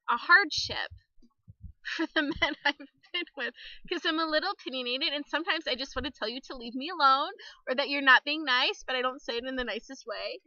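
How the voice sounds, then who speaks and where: A woman's voice: high-pitched, sharp tone, no room sound, muffled recording. A young woman talking candidly to camera outdoors by the water, chatty, laughing often and cussing a little. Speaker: vlogger. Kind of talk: casual personal vlog to camera.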